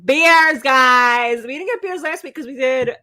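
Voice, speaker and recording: A woman's voice: high voice, unhurried, bright, forceful tone. A young adult woman co-hosting a casual livestream about comics and beer, joking and teasing as she reads the chat. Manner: playful, teasing, jokey.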